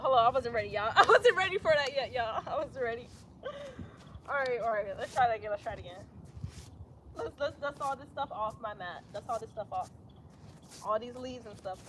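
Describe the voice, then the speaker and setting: A young woman leading a casual yoga class outdoors, chatty and talking herself up out loud as she tries a backbend. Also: a little high, a little hiss or hum. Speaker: yoga instructor.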